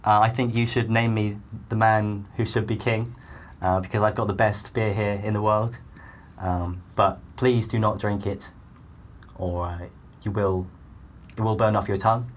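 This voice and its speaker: A man's voice: lowish voice, little pitch movement, moderate pace, slight background noise, close to an everyday voice. A man doing a loose celebrity impression in comedy improv, a rambling, hesitant, self-promoting beer seller. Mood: boastful. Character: man's mock film-star impression, pushy beer seller.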